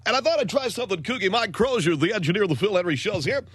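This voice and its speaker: A man playing a brash, excitable male fill-in radio host in a comedic radio bit, talking like a carnival barker. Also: sits high, slightly rough, dry recording, voice pushed up, full character voice. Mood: hyped. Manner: hyped carnival-barker delivery, rapid-fire.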